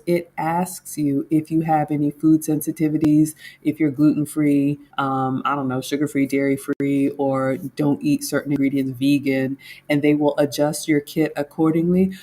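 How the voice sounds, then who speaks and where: Chatty low-voiced woman home cook. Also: dark tone. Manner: chatty, talks to viewers as "class" and "y'all". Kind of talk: casual chat reviewing a baking class. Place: home kitchen.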